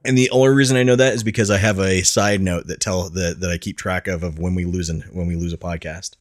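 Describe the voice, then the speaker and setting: A man's voice: sits low, steady tone, quick pace, dry recording, studio quality. A man hosting a podcast, telling stories in a rambling way and laughing at himself often. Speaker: podcast host. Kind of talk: casual chat.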